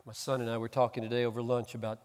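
A man's voice: mid-range voice, monotone, very fast, clear, resonant tone. Impassioned male preacher in a reverberant hall. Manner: emphatic preaching, swelling to loud impassioned peaks. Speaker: pastor. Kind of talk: sermon. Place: church.

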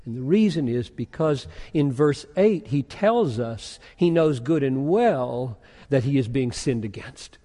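A man's voice: mid-range voice, animated, unhurried, hardly any pauses, dark tone. A man preaching a sermon, asking rhetorical questions and reading scripture aloud with rising, emphatic force. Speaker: pastor. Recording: long hall reverb.

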